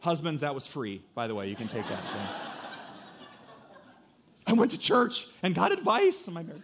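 A man's voice: on the high side, huge pitch swings, moderate pace, fairly bright tone, a little hiss or hum. A young man preaching a sermon, joking and acting out little scenes as he tells a story. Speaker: pastor.

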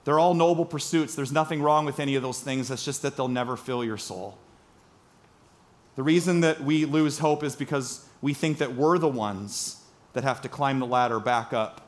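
A man in his thirties from Iowa preaching a sermon, earnest and storytelling, asking the congregation questions. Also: fairly high pitch. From Iowa, United States. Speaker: pastor.

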